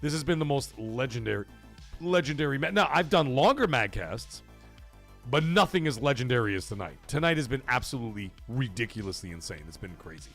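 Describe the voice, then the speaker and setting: A man's voice: mid-range voice, lively intonation, fairly quick, fairly bright tone, soft background music. A man hosting a casual livestream from a home game room, rambling, swearing, laughing often and reading chat aloud. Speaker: livestream host.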